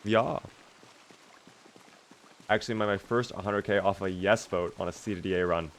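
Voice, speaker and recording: Young man, low voice, casual game streaming, reads and answers chat, faint clicks behind. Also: steady tone, normal speed, a little hiss or hum. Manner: chatty, reads chat questions aloud and answers them. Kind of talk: casual gameplay commentary reading chat.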